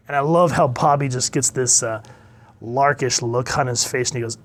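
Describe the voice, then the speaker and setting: A man in a casual comic book review, rambling and chuckling, pausing to look things up, and openly enthusiastic about the storytelling. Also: mid-range voice, slight background noise.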